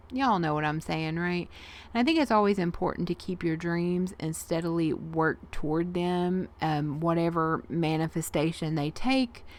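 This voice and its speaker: A woman, chatting folksily through her art journal pages as a craft vlogger and laughing often. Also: on the low side. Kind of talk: casual craft narration.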